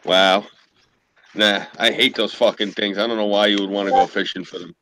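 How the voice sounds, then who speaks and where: A man's voice: on the low side, fairly even intonation, moderate pace, pushed and bright, a little hiss or hum, poor audio. A man telling rambling, profane anecdotes in a casual chat, acting out what people said. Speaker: podcast co-host.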